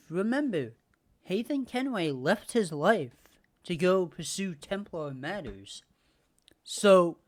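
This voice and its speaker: A woman hosting a podcast, ranting casually and heatedly with lots of swearing and repetition. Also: lowish voice. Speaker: podcast host. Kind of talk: casual rant.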